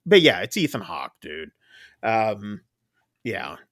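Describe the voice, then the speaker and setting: A man's voice: lowish voice, sing-song, slow, a bit bright, no room sound, studio quality. A man co-hosting a podcast, casually retelling a film's plot with lots of fillers. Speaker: podcast co-host. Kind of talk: casual film review chat.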